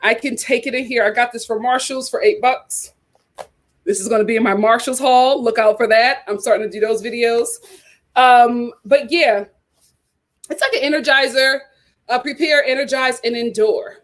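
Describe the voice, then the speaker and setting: An animated woman hosts her own channel and chats casually with her viewers. Her voice sits a little high, and she laughs easily between thoughts. It sounds like she is talking to a camera at home. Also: moderate pace. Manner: animated and chatty, laughs often. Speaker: YouTube host.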